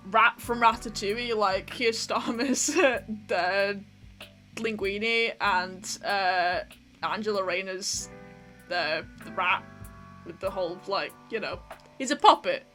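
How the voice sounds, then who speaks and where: A woman's voice: on the high side, fairly bright tone. A young woman hosting a vlog, chatting in an opinionated way and laughing often while she does her makeup. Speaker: vlog host. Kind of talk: casual chat while doing makeup.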